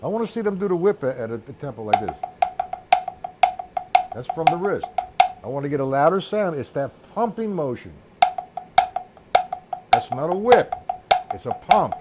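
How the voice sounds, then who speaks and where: A man's voice: fairly high pitch, sing-song, normal speed, long pauses, loud music behind the voice. A man giving a casual live-streamed drum lesson, counting beats aloud as he explains technique. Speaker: drum teacher.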